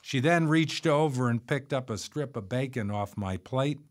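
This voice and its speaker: A man's voice: medium pitch, animated, moderate pace. A man reading his memoir aloud in a wry, conversational storytelling way. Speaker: narrator of a memoir.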